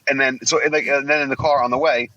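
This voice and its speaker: Talking fast and flat with a sharp tone, a former wrestler in his forties spins blunt, foul-mouthed stories as a podcast guest, rambling along casually. His voice is mid-range and the audio sounds dull.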